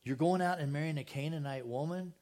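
A man's voice: on the high side, fairly quick, warm tone. An older man, preaching a sermon in a conversational way and often asking his listeners rhetorical questions. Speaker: pastor.

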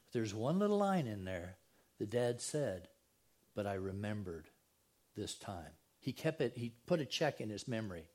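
A man's voice: medium pitch, very animated, moderate pace, a little mellow. A man pastoring a church, preaching a sermon in a casual, joking way and asking his congregation questions. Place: church sanctuary.

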